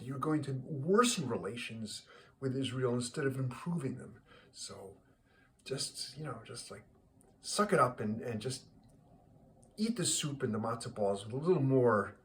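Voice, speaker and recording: A man voicing a male presidential aide who quietly urges and insists. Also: medium pitch, far from the mic, a little hiss or hum, natural voice, poor audio.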